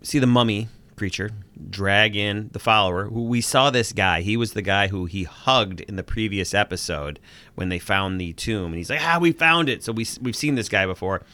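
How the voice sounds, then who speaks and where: A man's voice: lowish voice, moderate pace, bright, forceful tone, dry recording. A man co-hosting a casual recap podcast, acting out scenes and sound effects as he talks. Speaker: podcast co-host. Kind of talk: casual episode recap chat.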